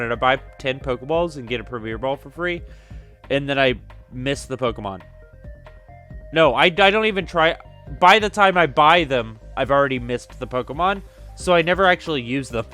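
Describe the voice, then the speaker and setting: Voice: mid-range voice, fairly bright tone. A streamer hosting a casual interview on a voice call, rambling through stories and laughing. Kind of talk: casual online chat.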